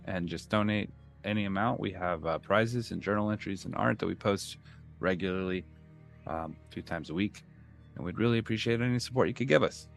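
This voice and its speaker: A man's voice: low voice, a little fast, gravelly, soft background music. A man, host of a tabletop game podcast, reading the outro and joking around in an easygoing way. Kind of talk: casual chat and show outro.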